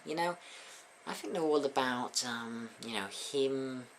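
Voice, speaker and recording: A man's voice: medium pitch, a little slow, a little hiss or hum. A man hosting a casual spoken album review, hesitant with many fillers and a dry, sarcastic edge. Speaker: album reviewer, channel host.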